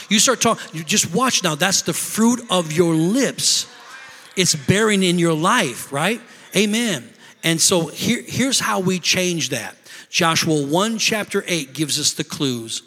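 A man's voice: fairly high pitch, normal speed, bright, forceful tone. A middle-aged male pastor preaching a sermon, telling a story with many restarts and rising into emphatic bursts. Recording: long reverb of a hall.

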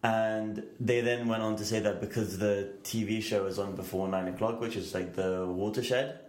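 A man's voice: lowish voice, fairly even intonation, normal speed, a little mellow, roomy sound. A man with an English accent co-hosting a podcast, chatting casually and explaining stories at length. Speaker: podcast co-host. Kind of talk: casual chat.

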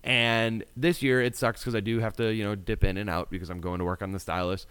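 A man, a filmmaker guest, telling lively stories in casual chat and swearing freely. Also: lowish voice, fairly quick, smooth. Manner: animated storyteller, swears freely.

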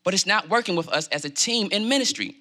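A man's voice: high voice, animated, fast, pushed and bright. An actor playing a frustrated younger pastor who pleads for advice about his marriage. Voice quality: earnest, complaining, pleading. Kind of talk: church comedy drama acting.

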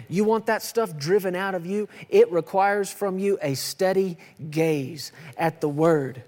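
A man in his thirties preaching a sermon, emphatic and repetitive with playful asides. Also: a little high. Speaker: pastor. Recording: long hall reverb.

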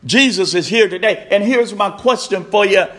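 A man with a high-pitched voice preaches a sermon slowly and emphatically, repeating his refrains and building up to shouts.

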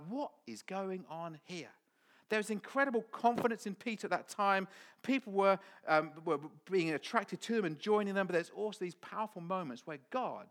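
A man's voice: sits high, a bit bright. A man preaching a sermon, telling stories with animation and acting out the voices of the people in them.

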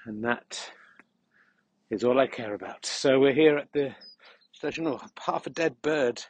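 A man hosting a podcast, talking in a deadpan, mock-serious ramble while walking a dog through the countryside. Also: mid-range voice, measured pace, no echo, poor audio. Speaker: podcast host. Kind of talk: comic rambling monologue on a walk.

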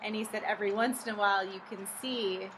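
A woman's voice: mid-range voice, steady tone, fast talker, fairly bright tone, a little hiss or hum, low-quality recording. A woman guest on a casual podcast, telling a personal story with enthusiasm.

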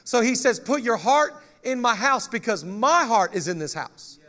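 Man, pastor, high voice, energetic sermon, joking, scripture reading. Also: normal speed.

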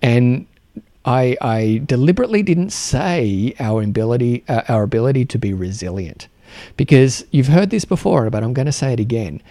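Aussie guy doing a solo podcast, mellow voice, stumbles and restarts a lot, earnest. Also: mid-range voice, lively intonation, no echo. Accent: Australian. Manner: earnest, halting with many restarts and repeated words. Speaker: podcast host.

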